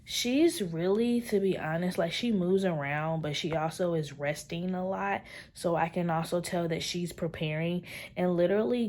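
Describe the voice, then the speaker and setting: A young woman vlogger talking casually and earnestly to her viewers, calling them y'all and sometimes dropping into soft whispered asides. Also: low voice. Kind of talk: casual chat to camera.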